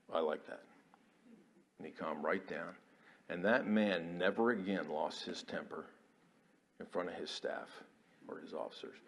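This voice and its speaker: A man, an Army chaplain preaching a folksy, storytelling sermon in a church, dropping to quiet asides and rising to loud declarations. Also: low voice. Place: church sanctuary.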